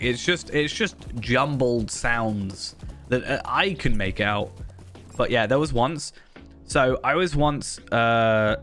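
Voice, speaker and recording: Streaming a game, this man chats loosely and pokes fun at himself, his mid-range voice slightly bright. Faint game music plays underneath his casual commentary.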